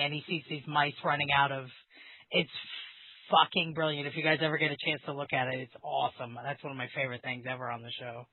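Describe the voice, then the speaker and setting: A woman's voice: deep voice, dry recording. A woman co-hosting a casual podcast chat, rambling and enthusiastic as she reminisces about old cartoons. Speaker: podcast co-host. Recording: dry phone-like sound.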